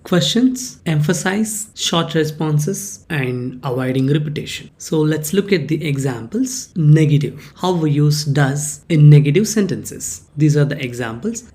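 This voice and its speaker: A teacher talks through a grammar lesson at an unhurried, measured pace. The pitch rises and falls in a lively way, leaning hard on key words in each example sentence and repeating them. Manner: reads example sentences aloud with stress and repetition. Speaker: English teacher. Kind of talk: slow explanatory grammar lesson.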